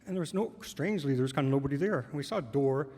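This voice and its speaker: A man's voice: medium pitch, expressive, rapid-fire, a little mellow. A man telling a personal story on stage to a live audience, conversational and amused. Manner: conversational, amused, laughs through lines. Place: stage in a large hall. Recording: long hall reverb.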